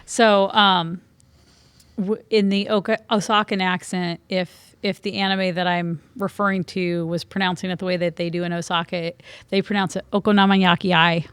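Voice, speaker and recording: Female co-host from Kansas City, lowish voice, dry close sound, eager explainer. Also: level tone, normal speed, fairly bright tone, clean tone, dry recording. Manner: explanatory, enthusiastic about anime, laughs easily. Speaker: podcast co-host. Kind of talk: casual chat.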